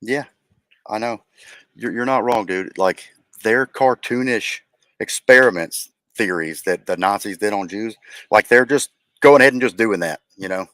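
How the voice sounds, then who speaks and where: A young man with a lowish voice hosts a casual streamed podcast. He rambles loosely and swears freely, and the sound is close and dry with no room echo. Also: moderate pace, a bit bright. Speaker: podcast host. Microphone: remote stream setup.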